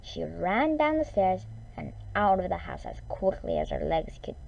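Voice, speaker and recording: A woman reading a children's story aloud in an expressive, drawn-out way. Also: lowish voice, vocal fry, lo-fi sound, faint music behind.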